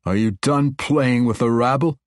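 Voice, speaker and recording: A man voicing a haughty dark elf warrior. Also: mid-range voice, moderate pace, no room sound, clean studio sound, natural voice. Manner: proclaiming, haughty. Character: proud male dark elf weapons master, boastful. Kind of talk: audiobook character voice.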